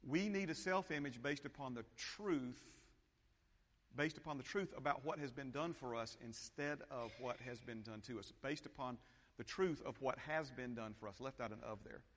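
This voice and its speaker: Animated preacher with hall reverb. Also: male voice, mid-range voice. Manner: animated preacher, repeats phrases and checks in with the congregation. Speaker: pastor. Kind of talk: sermon. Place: church sanctuary.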